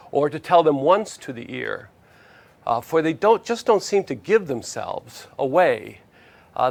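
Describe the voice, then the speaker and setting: Gravelly man telling stories. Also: mid-range voice. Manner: conversational, asks "see?" to check in with listeners. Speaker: spiritual teacher. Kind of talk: storytelling lecture.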